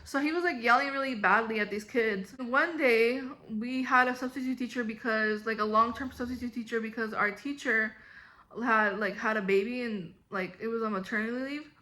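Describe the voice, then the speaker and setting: A woman's voice: on the high side, normal speed, sharp tone. A young woman casually telling childhood stories to the camera, rambling with lots of "like" and restarts. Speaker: vlogger. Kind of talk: casual storytelling.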